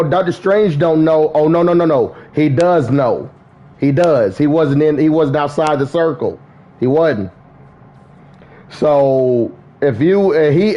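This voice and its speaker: A gaming streamer chats loosely with his audience. His voice sits a little high and he talks at a slow, drawn-out pace. He gets worked up, swears a lot and breaks into laughter. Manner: excitable and profane, laughs often. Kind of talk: casual livestream chat.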